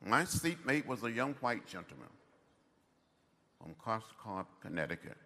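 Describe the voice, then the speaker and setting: A man's voice: fairly low pitch, sing-song, a little slow, bright, forceful tone. A man in his seventies giving a commencement speech, with a rhythmic orator's cadence and emphatic repetition. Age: 70s. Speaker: commencement speaker. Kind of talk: ceremonial speech. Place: university ceremony venue. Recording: echoey large hall.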